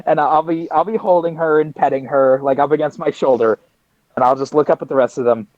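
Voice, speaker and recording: Tabletop player, male, casual and talkative, slightly high voice, dull dry recording. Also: fairly even intonation, brisk, a little mellow, dry recording. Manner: chatty, narrates own actions.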